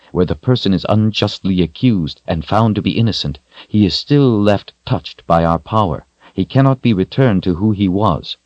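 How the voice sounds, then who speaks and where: A man's voice: sits low, darkish tone, no echo, dull audio. A man voicing a stern young woman who scolds and explains. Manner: stern, admonishing.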